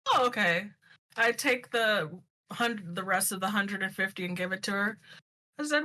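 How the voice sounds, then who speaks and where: A woman's voice: mid-range voice, lively intonation, normal speed, sharp tone. A woman playing a tabletop game, bantering in character in an amused, chatty way. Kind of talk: in-character roleplay.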